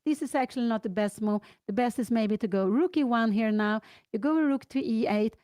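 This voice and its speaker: Older Swedish-accented woman, chess commentator, excitable, slightly high voice. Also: fairly quick, no echo. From Sweden. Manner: excitable, thinking aloud through move lines.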